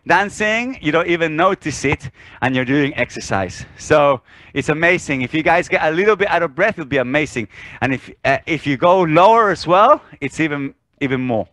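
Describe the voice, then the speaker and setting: A man's voice: a little high, normal speed, dry recording. A man leading an online dance class over a video call, counting beats and cueing steps energetically while out of breath. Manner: energetic counting and cueing, often repeats himself. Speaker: dance instructor.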